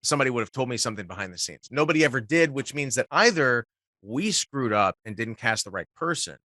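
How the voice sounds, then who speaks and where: A man, a guest voice actor, telling animated stories in casual talk and swearing freely. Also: mid-range voice, fast, no echo, studio quality. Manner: swears casually, acts out quotes. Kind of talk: animated storytelling.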